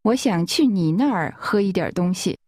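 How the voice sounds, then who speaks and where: A woman's voice: fairly low pitch, expressive, brisk, darkish tone, no room sound, studio quality. A woman speaking example phrases for a language course with careful, precise enunciation.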